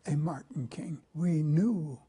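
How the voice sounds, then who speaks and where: An older man recalling past events in an interview, speaking in a hushed, halting way with many pauses and fillers. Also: fairly high pitch, breathy edge. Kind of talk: spoken recollection.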